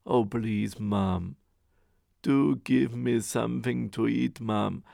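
A man's voice: mid-range voice, steady tone, slow pace, creaky, warm tone, no echo, clean studio sound. A man voicing a hungry, polite young boy in a storybook reading, pleading.

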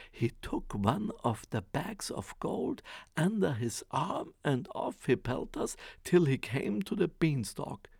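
Man storyteller for a fairy tale: slow, very gravelly, lively pitch, dry close sound. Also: no echo. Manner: expressive, rhythmic storytelling.

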